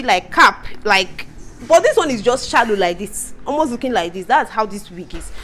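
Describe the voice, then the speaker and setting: Young woman, casual home vlog, animated and fed-up, faint noise in the room. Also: a little high, moderate pace. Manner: animated, exasperated, laughs often, repeats herself. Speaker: vlogger. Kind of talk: casual vlog chat to camera.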